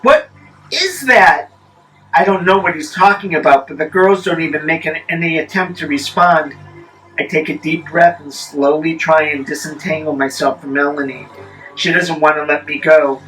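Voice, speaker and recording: A man telling a spooky story in the first person, measured, with wry deadpan asides. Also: a little high, soft background music, rough recording.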